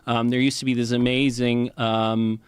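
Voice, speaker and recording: A man's voice: medium pitch, level tone, normal speed, clean tone, no echo. Man lecturing on a podcast, dry studio sound. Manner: lecturing, with many "right?" and "you know" asides. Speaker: podcast guest. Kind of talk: explanatory podcast talk.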